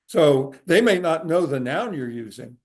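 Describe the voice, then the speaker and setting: A man giving a talk to a group in a room, explaining at an easy pace with frequent filler pauses. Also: fairly high pitch, very animated. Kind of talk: conversational lecture. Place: room with a live audience.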